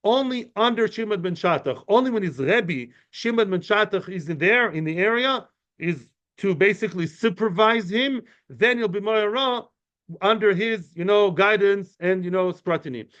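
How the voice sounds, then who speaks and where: Male teacher, high-pitched, conversational and digressive, dull low-fi recording. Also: normal speed, fairly bright tone. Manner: chatty, explains with many fillers and asides; answers questions from students. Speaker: Talmud teacher. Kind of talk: informal study-class lecture. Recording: muffled lo-fi recording.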